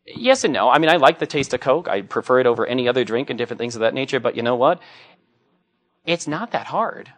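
Middle-aged male priest, easygoing homily, self-deprecating storyteller, average pitch. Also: expressive, fast, fairly bright tone. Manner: anecdotal and joking, acts out quoted voices. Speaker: Catholic priest. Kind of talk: conversational homily.

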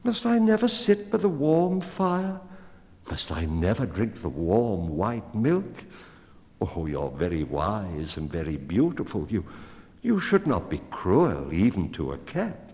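A man voices a cunning cat from a storybook, proud and independent, coaxing in a measured tone. The pitch rises and falls widely, and the voice rings with a long hall reverb. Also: wildly swooping pitch, a little mellow, full character voice. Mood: sly.

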